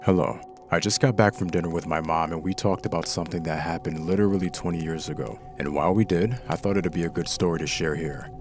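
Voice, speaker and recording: A man's voice: deep voice, fairly even intonation, fast talker, music in the background. A man narrating true scary stories in the first person, reading them dramatically. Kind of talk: scripted horror story narration.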